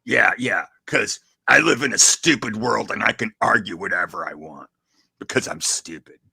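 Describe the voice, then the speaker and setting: A man's voice: lowish voice, normal speed, creaky, pushed and bright, slightly rough, no echo. A man stammering and grumbling through a comedic rant as a show regular. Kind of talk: comedic group reading.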